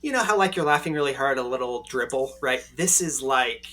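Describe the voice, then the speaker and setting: A man in his forties tells a story as a podcast guest with a bright, forceful voice. He is animated and keeps tagging his sentences with "right?". His pitch sits in the middle for a man. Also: fairly quick.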